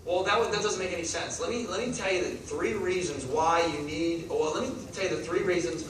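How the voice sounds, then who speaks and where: An energetic man in his thirties gives a motivational talk, rattling off points and checking in with the crowd. His fairly high voice carries from a distance through a very echoey hall, with steady noise underneath. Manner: energetic, rapid-fire, asks the crowd questions. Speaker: network marketing speaker. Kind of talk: motivational talk to a live audience. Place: large meeting hall.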